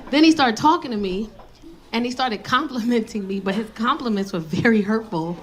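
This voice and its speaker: A woman's voice: on the high side, fairly quick, noisy background. Brash woman comedian on stage. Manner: brash, teasing the crowd. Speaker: stand-up comedian. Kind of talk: stand-up set. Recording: live club with loud laughing crowd.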